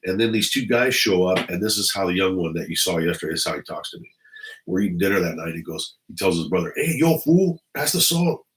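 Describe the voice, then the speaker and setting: A man's voice: low-pitched, fairly even intonation, fast, a bit bright, rough recording. A middle-aged man, a retired police officer, telling stories in a blunt, profane, rambling monologue.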